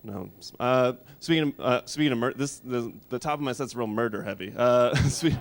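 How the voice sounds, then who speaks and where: A man in his thirties doing a stand-up comedy set, deadpan and rambling, shouting when he acts out characters. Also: medium pitch, normal speed, gravelly. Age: 30s.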